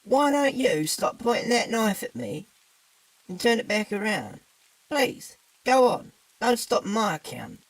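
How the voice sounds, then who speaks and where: A high, British-accented demon. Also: male voice, very animated, unhurried, no echo, recorded from a distance, full character voice, rough recording. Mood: sheepish. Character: high-voiced male demon, casual and polite.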